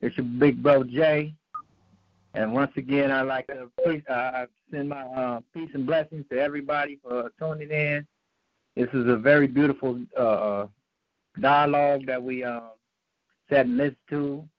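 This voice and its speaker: A man co-hosting a talk radio show, signing off in a halting way with many fillers. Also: medium pitch, fairly even intonation, no echo. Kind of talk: casual sign-off. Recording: dry, dull lo-fi line.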